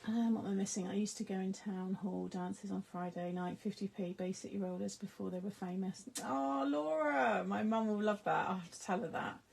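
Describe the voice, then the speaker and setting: A middle-aged woman chats away to her viewers while she crafts. Her voice is gravelly and a little husky. She rambles, laughs often and lets sentences trail off. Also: mid-range voice, normal speed, few pauses, a little mellow. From United Kingdom. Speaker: craft live-stream host. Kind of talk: casual chat while crafting, replying to viewer comments.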